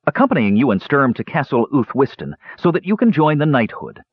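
A man's voice: medium pitch, sing-song, brisk, breathy edge, muffled recording, pitched above the performer's own voice. A man voicing a young male mage who is irritable and proud, speaking in peevish, clipped retorts. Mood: irritated.

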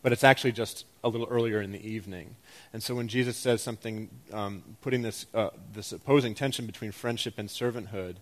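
A man with a lowish voice preaches as a pastor, poking fun at himself with an animated delivery that rises to loud excitement and drops to quiet emphasis.

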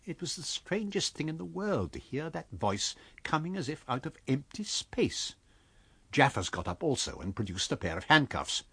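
Man, audiobook narrator, expressive reading, lively pitch, slightly husky. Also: moderate pace, no room sound. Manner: expressive storytelling. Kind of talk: scripted narration.

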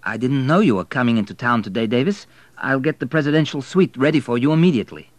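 A man's voice: mid-range voice, lively intonation, fast talker, dry recording, voice pushed up, lightly acted. A man doing a nervous, eager young hotel manager. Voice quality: nervous, earnest. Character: earnest young male hotel manager, anxious, eager to help.

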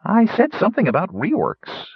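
A man's voice: normal speed, vocal fry, husky, no room sound, heavily acted. A man doing a whiny, tearful gnome. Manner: whiny, pleading, high and excitable. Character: timid tearful male gnome weather seer. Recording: dull lo-fi audiobook recording.

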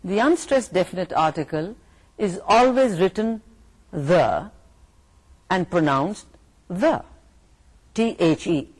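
A middle-aged woman with a Pakistani English accent giving a university English lecture, slow and deliberate, repeating and rephrasing her points. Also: lowish voice, expressive. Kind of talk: recorded lecture.

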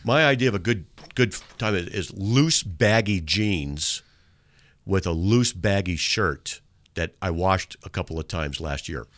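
A man's voice: low-pitched, lively intonation, normal speed, a bit bright, no room sound. A man hosting a radio show in a studio, chatting casually and joking. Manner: joking, reads hate mail aloud in mocking voices. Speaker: radio host. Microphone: studio mic.

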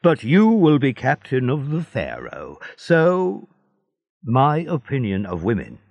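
A man's voice: mid-range voice, huge pitch swings, slow, creaky, a little mellow, dry recording, voice pushed up, heavily acted. A man voicing an earnest, happy young sailor in a storybook reading, sincere and eager.

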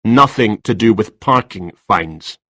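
A stern, cool police detective, as a male narrator puts him on in a dry-sounding storybook reading. His words come clipped and firm, pitched a touch above the reader's own low voice. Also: expressive, measured pace, bright, forceful tone, no echo, exaggerated voice.

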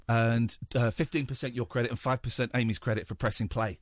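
A man's voice: medium pitch, fairly even intonation, quick pace, no room sound, clean studio sound. A middle-aged man from Britain hosting late-night radio, talking in a sarcastic, mock-gushing way. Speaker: radio host. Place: radio studio. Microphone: studio microphone.

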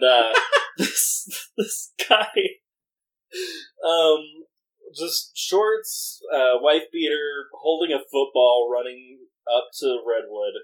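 Casual chat, giggly, excitable, mid-pitched voice, loud quoted lines.

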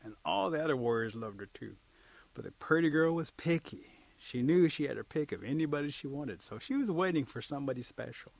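A man with a husky, slightly breathy voice tells a folk tale aloud. He keeps it lively and slips into voices for each character. The delivery is loose and conversational. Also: fairly high pitch, brisk, dry recording. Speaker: storyteller. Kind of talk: oral storytelling.

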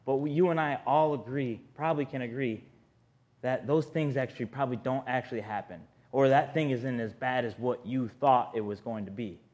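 A man's voice: mid-range voice, fairly quick, darkish tone. A man preaching a sermon in an earnest, conversational way, often speaking straight to his listeners.

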